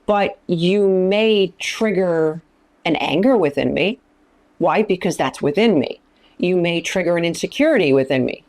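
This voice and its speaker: A middle-aged woman with a somewhat low voice teaches with emphasis, repeating key phrases. She speaks as a ministry founder and often acts out the lines she quotes. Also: expressive, unhurried, darkish tone. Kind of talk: teaching talk in an interview.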